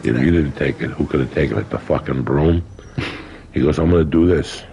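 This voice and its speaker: A man's voice: very deep voice, fairly quick, gravelly, dark tone, dull audio. An older man telling stories in a casual interview, colorful and profane, acting out other people's lines. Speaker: guest. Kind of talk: casual storytelling.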